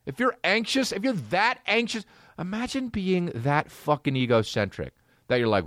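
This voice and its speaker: A man hosting a comedy podcast, ranting in an incredulous, profane, animated way. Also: high voice, moderate pace, no room sound, studio quality. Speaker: podcast host.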